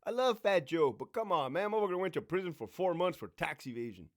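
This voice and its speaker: A swaggering man who once worked as a prison officer tells stories in a loose, foul-mouthed monologue. His voice sits a little high and leaps up and down with lively energy. He talks bluntly, like he is holding court. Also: fast talker. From California. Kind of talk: casual storytelling monologue.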